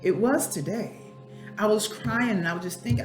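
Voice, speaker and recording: A woman's voice: medium pitch, normal speed, roomy sound, faint music behind. A middle-aged woman talking candidly and at length about her struggles in a personal vlog, her eyes watering as she speaks from home at her computer. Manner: candid, rambling, talks to herself by name. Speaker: spiritual life coach and vlogger.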